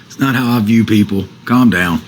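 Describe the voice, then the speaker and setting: A man's voice: lowish voice, moderate pace, a little hiss or hum, rough recording. A man on a casual livestream, reading out viewer comments and answering them defensively, with some swearing.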